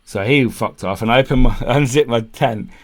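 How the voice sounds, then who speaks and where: A man's voice: mid-range voice, normal speed. A man co-hosting a podcast, telling a long camping story in casual chat, swearing freely and acting out what people said. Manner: swears freely, acts out quotes, laughs mid-story. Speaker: podcast co-host.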